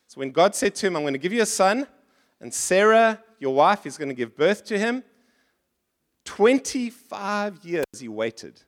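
Male pastor, high voice, lively preaching style, puts on complaining voices. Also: measured pace. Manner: animated, acts out complaining voices in higher pitch. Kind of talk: sermon. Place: church.

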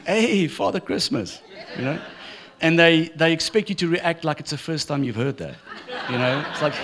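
A middle-aged man preaching a sermon in church, telling stories with humor. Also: on the high side. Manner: storytelling with humor, lively delivery. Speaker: pastor.

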